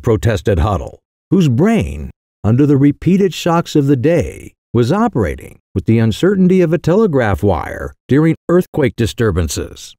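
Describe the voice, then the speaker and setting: A man narrating a comic short story in a wry, expressive storytelling manner. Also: mid-range voice, moderate pace, no echo, studio quality. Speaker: audiobook narrator.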